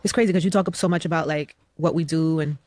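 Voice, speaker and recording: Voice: medium pitch, fairly even intonation, fast, darkish tone. A talk show co-host comforting a friend in a soothing, protective way.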